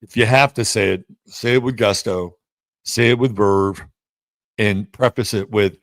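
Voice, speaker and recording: A man with a low, gravelly voice talks through a daily astrology forecast. He is blunt and chatty and breaks into quick mock voices with wide leaps in pitch. The sound is dry and close. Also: fairly even intonation, fairly bright tone, no room sound. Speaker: astrology show host. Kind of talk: casual astrology forecast monologue.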